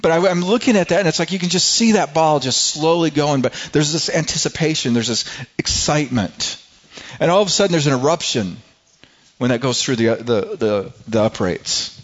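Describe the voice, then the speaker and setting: Middle-aged pastor telling a story, lo-fi. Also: male voice, a little high, moderate pace. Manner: storytelling with frequent restarts and rising excitement. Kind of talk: sermon. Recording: slightly dull lo-fi sound.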